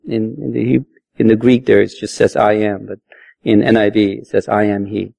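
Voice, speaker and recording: Male pastor, gravelly, teaching a sermon through scripture. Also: fairly low pitch, flat delivery, dark tone. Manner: reads scripture slowly, explains word meanings with fillers.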